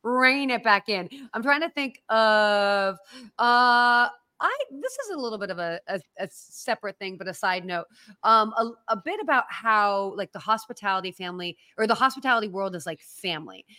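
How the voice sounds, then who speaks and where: Woman podcast co-host, animated and chatty, dry close sound. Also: medium pitch, normal speed, no echo. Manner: chatty, animated, laughs easily. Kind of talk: casual chat.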